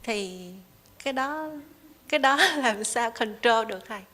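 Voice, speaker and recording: A woman asking the teacher a question softly and hesitantly, laughing nervously between words. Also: on the high side, lively intonation, normal speed. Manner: soft, hesitant, giggly. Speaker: audience member asking a question.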